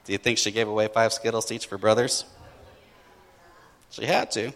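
Bright-voiced male preacher in a hall. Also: on the low side, brisk. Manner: animated storytelling, acts out voices of kids. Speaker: pastor. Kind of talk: sermon.

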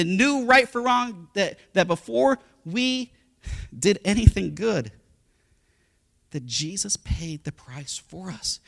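A middle-aged man preaching a sermon as a pastor, telling the story with lively, animated delivery and acting out the voices of the people in it. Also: on the high side.

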